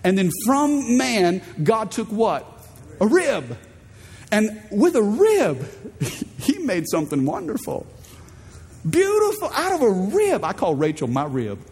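A man's voice: sits high, huge pitch swings, takes it slowly, darkish tone, husky, long reverb tail. A man preaching a sermon as pastor, emphatic, prompting the congregation to repeat words back. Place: large church auditorium.

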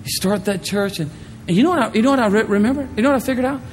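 A man pastor telling a personal story in a sermon, animated, swinging from hushed to loud. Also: sits high, rapid-fire, slight background noise. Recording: echoey hall with faint music.

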